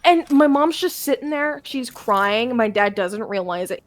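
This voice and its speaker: A young woman rambles through a story in casual chat, swearing freely as she goes. Her voice sits a little high. She sounds like a guest on a live game stream. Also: animated, unhurried.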